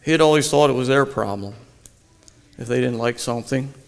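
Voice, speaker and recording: A man reading a devotional story aloud in a slow, earnest storytelling manner. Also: medium pitch, gravelly. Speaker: narrator. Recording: long hall reverb.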